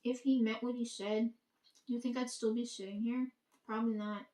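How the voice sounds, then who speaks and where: A woman talks straight to the camera in a loose, profane rant, quoting herself and others as she goes. Her voice sits a little high, and the room around her rings with echo. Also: steady tone, moderate pace, mellow. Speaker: vlogger. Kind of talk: casual monologue. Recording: echoey room.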